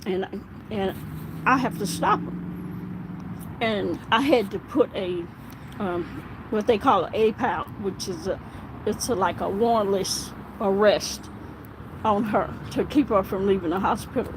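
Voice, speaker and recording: A woman police officer telling a story while walking outdoors, animated and acting out the back-and-forth. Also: medium pitch, unhurried, long pauses, noisy background. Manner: animated, acts out quoted exchanges. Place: outdoors on an urban street.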